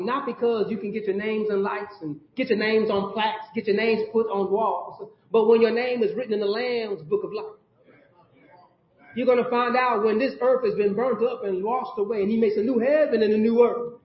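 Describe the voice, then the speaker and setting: A man, stacking emphatic repeated phrases and calling out to the congregation. The sound is dull and lo-fi, with the boomy echo of a church sanctuary. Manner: preaching with call-and-response asides to the congregation. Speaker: pastor. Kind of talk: sermon.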